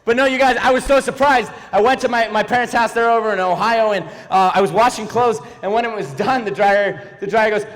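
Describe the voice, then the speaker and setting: High-voiced man doing animated stand-up. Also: a little fast, big-room sound. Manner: animated, playful, talks to the audience. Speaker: stand-up comedian. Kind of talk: stand-up comedy set. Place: church auditorium before a live audience.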